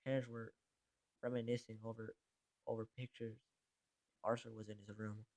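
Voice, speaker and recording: Man, low voice, creepypasta reading, halting, stumbles and restarts, dry recording. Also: level tone, darkish tone, no room sound. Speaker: narrator.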